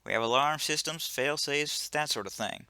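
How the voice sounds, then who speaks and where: A man's voice: a little high, moderate pace, sharp tone, clear, resonant tone, no room sound, clean studio sound. A man voicing a laid-back, dismissive male ship engineer in a video game who brushes off every worry. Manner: breezy, brushes off worries.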